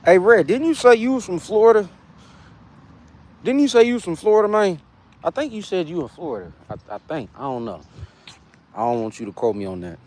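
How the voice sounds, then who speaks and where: A man's voice: high voice, lively intonation, brisk, pauses often, a little mellow. A man from California, hosting a casual fitness livestream and chatting loosely with his viewers. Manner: laid-back, chatty, greets viewers by name.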